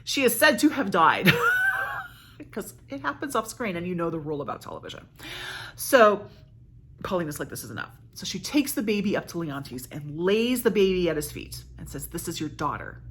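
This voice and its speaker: A woman's voice: mid-range voice, big pitch swings, normal speed, a bit bright, breathy edge. A woman vlogger casually summarizing a plot, chatty and correcting herself as she goes. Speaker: book vlogger.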